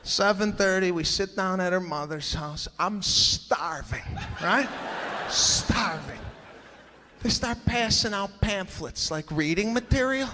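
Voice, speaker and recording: Exasperated high-voiced comedian on a big stage. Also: male voice, normal speed, hardly any pauses, slight background noise. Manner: animated, exasperated, acts out other people. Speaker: stand-up comedian. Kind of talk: stand-up comedy set. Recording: live room with hall echo.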